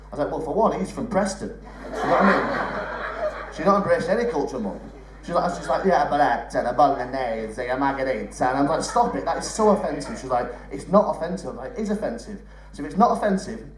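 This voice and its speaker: A man's voice: a little high, recorded from a distance, slight background noise. A young man doing live stand-up comedy on a theatre stage, chatty and teasing the crowd, swearing freely. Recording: roomy theatre sound from off-mic.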